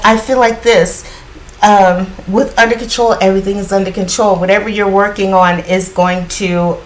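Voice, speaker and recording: A woman giving a casual spiritual card reading in a groggy morning voice, often clearing her throat and rambling reassuringly with lots of fillers. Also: medium pitch, slight background noise, rough recording. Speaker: tarot card reader.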